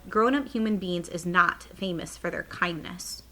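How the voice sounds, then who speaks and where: A woman's voice: lowish voice, moderate pace, sharp tone. A woman doing a stubborn, folksy giant. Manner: stubborn, folksy, jumbled grammar. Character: gentle, mangle-tongued old male giant.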